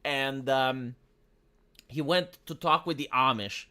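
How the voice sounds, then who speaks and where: A man's voice: mid-range voice, slow pace, sharp tone, clear, resonant tone. A man from Romania ranting on a livestream, profane and full of restarts and fillers. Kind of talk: casual opinionated livestream rant.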